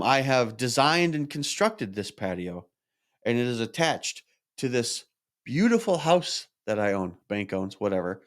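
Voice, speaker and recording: Candid man venting his frustration. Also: medium pitch. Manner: candid, frustrated, self-reflective, swears freely. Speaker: podcast host. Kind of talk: personal monologue.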